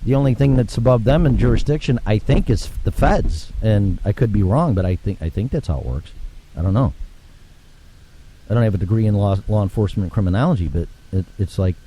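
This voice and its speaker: A man's voice: fairly low pitch, animated, a little fast, warm tone, husky. A man hosting his own talk show, ranting alone in a blunt, profane way, often repeating words and restarting sentences, and growing heated and emphatic at times. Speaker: podcast host. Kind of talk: casual ranting monologue.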